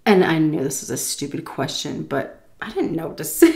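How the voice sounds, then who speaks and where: A woman in her thirties from the United States, casually telling an animated story while eating, often laughing and acting out voices. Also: low-pitched, a little fast, creaky. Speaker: food vlogger telling a story.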